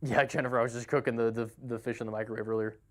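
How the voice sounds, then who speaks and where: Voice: medium pitch, level tone, rapid-fire. A live game streamer in casual chat, greeting viewers by name and laughing easily.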